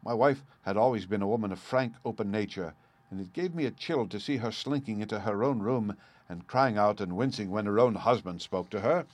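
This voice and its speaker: Man, audiobook narrator, low voice, measured, earnest, dry close sound. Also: no echo.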